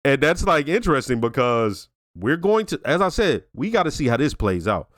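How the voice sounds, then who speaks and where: A man holds forth in a casual reaction review, cursing often and acting out the characters' lines. His pitch leaps high when something surprises him. The sound is close and dry, with no room around it. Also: normal speed, no room sound. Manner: profane, animated storytelling with exclamations. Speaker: reaction video host.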